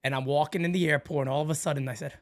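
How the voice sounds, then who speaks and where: Middle-aged male podcast host, slightly high voice, playful joking storyteller. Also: very fast. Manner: animated storyteller, acts out high squeaky voices; laughs often, joking. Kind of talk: casual sports podcast chat.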